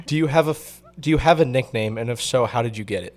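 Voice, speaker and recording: A man's voice: mid-range voice, quick pace. A young man hosting a casual sports podcast, reading listener questions and reacting briefly. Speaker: podcast host.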